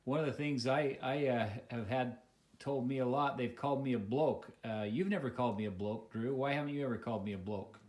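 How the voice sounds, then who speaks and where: An American man interviewing a friend in a home for a casual home video, speaking haltingly with many fillers and restarts. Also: medium pitch, darkish tone. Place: living room of a home.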